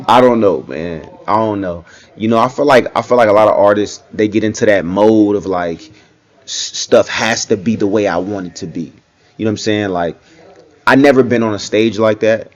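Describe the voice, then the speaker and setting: A relaxed young man with a slightly low voice, giving an off-the-cuff reaction commentary. He talks loosely and conversationally, circling back on himself with filler phrases. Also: dull audio. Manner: conversational, keeps saying "you know what I'm saying".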